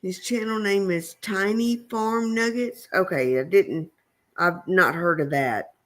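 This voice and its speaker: A woman co-hosting a homestead livestream, chatting casually and easygoing with many pauses and fillers. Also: mid-range voice, a bit bright. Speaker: homestead channel co-host.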